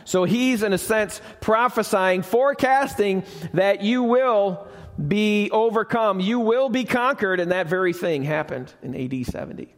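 A man with a high voice preaches a live sermon, recorded in a church with a long, ringing reverb. He leans on key phrases, says them twice, and keeps turning to the congregation with questions. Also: a little slow. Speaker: pastor.

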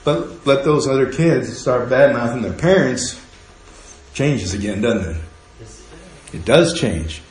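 A man's voice: medium pitch, lively intonation, slow, pauses often, a little mellow. A man preaching a sermon in a humorous, conversational way, acting out quotes from the people in his story. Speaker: pastor. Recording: echoey room.

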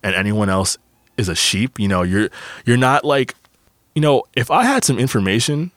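A man's voice: mid-range voice, expressive, normal speed, fairly bright tone, no echo. A young man hosting a podcast, talking in a loose, rambling and profane way, full of fillers and restarts. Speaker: podcast host. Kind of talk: casual monologue.

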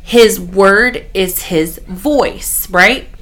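A woman's voice: mid-range voice, drawn-out words, fairly bright tone. A woman hosting a devotional podcast, delivering an earnest, emphatic faith talk.

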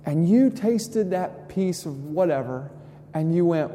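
A young man preaches a conversational sermon, and his slightly high voice rings out through a church sanctuary. He swings between soft, quiet asides and rising emphasis, and a long reverb trails behind his words. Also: lively intonation, slow, a little hiss or hum. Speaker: pastor.

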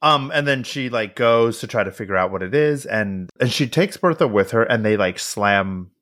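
Animated swearing man recapping a film. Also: on the low side, moderate pace, dry recording, clean studio sound. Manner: animated, swearing, acts out quoted lines. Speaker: podcast co-host. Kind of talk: casual film recap chat.

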